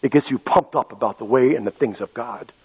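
A man's voice: mid-range voice, fairly quick, darkish tone, breathy edge. A middle-aged man from western Pennsylvania preaching a sermon as pastor, impassioned and repeating key phrases. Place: church sanctuary. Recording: echoey hall, dull lo-fi sound.

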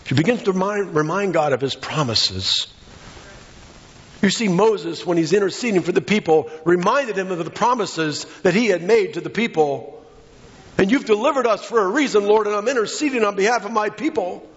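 Male preacher, passionate sermon delivery, slightly high pitch, dull lo-fi recording. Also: lively intonation, normal speed. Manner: impassioned, acts out quoted voices.

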